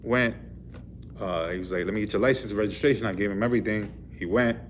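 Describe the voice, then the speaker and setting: A truck driver with a lowish voice talks fast in a casual storytelling vlog, rambling through a run-in with the police and packing it with fillers. He's recording from inside a vehicle, and there's a slight hiss or hum.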